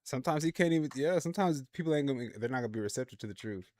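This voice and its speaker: A man hosting a livestream, reacting to clips in casual, slangy, animated commentary. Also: medium pitch, very fast.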